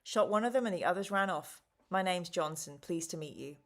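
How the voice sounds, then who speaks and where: A woman putting on a gruff, wary male survivor. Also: on the low side, lively intonation, a little fast. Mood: grim.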